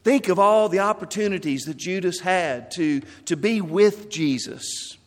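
A male pastor delivers a sermon at an unhurried, deliberate pace, leaning on repeated phrases to drive his points home. His voice sits a little high for a man. It rings out with the long reverb of a church sanctuary. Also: expressive. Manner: slow, deliberate preaching with repeated emphasis.

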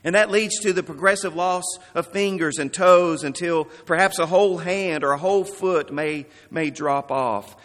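Earnest preacher in a reverberant hall. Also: male voice, fairly high pitch, a bit bright. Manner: earnest, emphatic, dramatic drops in volume. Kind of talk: sermon. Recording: long reverb of a large hall.

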